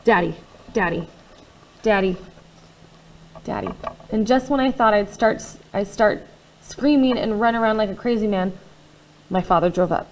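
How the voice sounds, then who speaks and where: Female reader, first-person novel, expressive delivery that swings between hushed and loud. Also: fairly high pitch, moderate pace, rough recording. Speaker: audiobook reader.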